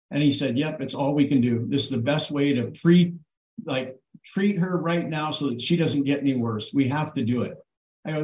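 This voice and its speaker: A man telling a personal story on a livestream in an earnest, halting way, with many fillers and restarts. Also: medium pitch, a little mellow, echoey room, low-quality recording. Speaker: guest on a livestream. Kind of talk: emotional personal account.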